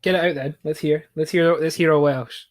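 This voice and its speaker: A man's voice: a little high, fairly even intonation, a little fast. A man from Scotland, a podcast guest, curiously asking questions in casual chat. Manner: curious, asks lots of questions.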